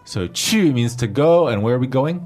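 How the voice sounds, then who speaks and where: A man's voice: mid-range voice, animated, normal speed, a little mellow, faint music behind. A man hosting a language lesson who patiently explains grammar and spells out pinyin letter by letter.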